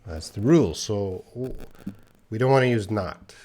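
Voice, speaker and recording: A man teaching English in a live online lesson, reading out chat questions, correcting them patiently and speaking slowly and clearly for learners, sounding tired. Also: lowish voice, lively intonation, mellow.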